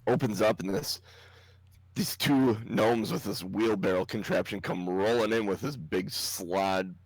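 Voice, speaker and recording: Deep-voiced man running a tabletop game. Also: measured pace, dry recording. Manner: casual, laughs often while narrating. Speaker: game master.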